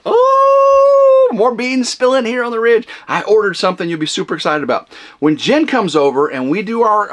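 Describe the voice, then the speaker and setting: A man hosting a vlog, rambling casually at home in a camper cabin, loud and flamboyant with lots of fillers. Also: a little high. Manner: loud, big flamboyant talker. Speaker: vlog host.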